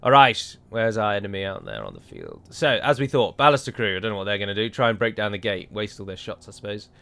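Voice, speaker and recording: A man's voice: on the low side, very animated, fast talker, vocal fry, bright, forceful tone. Chatty man narrating a strategy game. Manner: chatty and wry, with rambling asides. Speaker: game modder playing a strategy game. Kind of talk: gameplay commentary.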